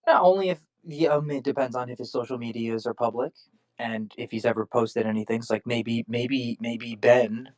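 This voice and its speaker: A man's voice: mid-range voice, steady tone, moderate pace. A man hosting a casual discussion, rambling through his explanations with many restarts and fillers. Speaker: podcast host.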